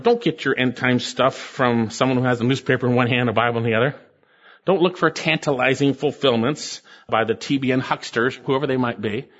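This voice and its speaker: A man's voice: medium pitch, fairly bright tone, highs cut off. A man preaching an expository sermon, teaching verse by verse in an emphatic way and asking rhetorical questions. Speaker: pastor.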